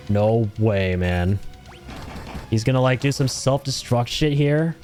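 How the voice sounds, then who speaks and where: Excitable profane gaming streamer man. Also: medium pitch, takes it slowly, faint music behind. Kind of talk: casual gaming stream commentary.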